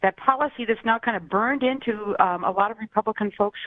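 A man calls in to a talk radio show over a thin, tinny phone line, his voice sitting high and close and dry. He rambles, hesitating with plenty of ums as he works through his thought. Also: a little fast, dry recording. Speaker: caller. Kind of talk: call-in radio chat.

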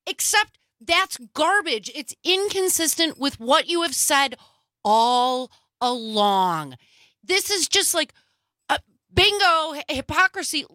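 A woman's voice: sits high, big pitch swings, slow, bright, forceful tone, no echo, clean studio sound. A woman co-host giving emphatic, indignant political commentary.

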